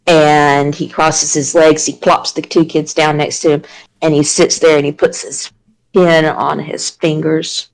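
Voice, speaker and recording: A woman's voice: deep voice, little pitch movement, unhurried, poor audio. Woman rambling through a game scene. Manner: rambling and playful. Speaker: player. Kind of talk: narrating her character in a tabletop game.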